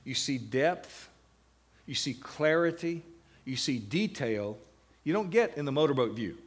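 A male Bible teacher speaking to a live class, his voice sitting a little high. He draws certain words out slowly for emphasis, then rushes through playful asides. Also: breathy edge. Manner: slows to stress single words, lively asides.

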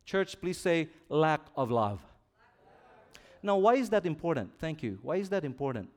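A man's voice: a little high, big pitch swings, a little mellow. A male pastor preaching a sermon, asking the congregation to repeat words back and swelling and dropping his voice for emphasis. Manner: slow, swelling preacher delivery with call-and-response.

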